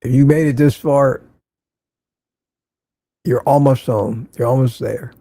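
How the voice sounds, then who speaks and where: A man's voice: medium pitch, fairly even intonation, takes it slowly, dark tone, dry recording, studio quality. An older man hosting a casual morning livestream, greeting viewers by name and reading the chat aloud. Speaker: livestream host.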